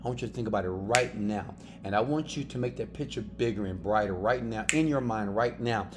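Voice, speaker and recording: A man's voice: on the low side, fairly quick, background noise. A man giving a motivational self-help lesson, emphatic and full of "right?" and "okay?" tags. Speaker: motivational course teacher. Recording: music playing under the voice.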